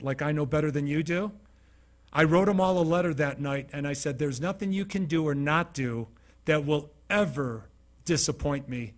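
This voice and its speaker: Storytelling middle-aged man, higher voice. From Utah. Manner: storytelling, acting out quoted dialogue. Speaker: keynote speaker. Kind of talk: motivational talk. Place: studio.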